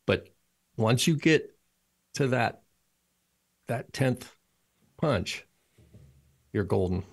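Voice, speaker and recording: Gravelly, quippy male co-host. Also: mid-range voice, expressive, drawn-out words. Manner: quippy, jokey interjections. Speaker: podcast co-host. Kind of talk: casual chat.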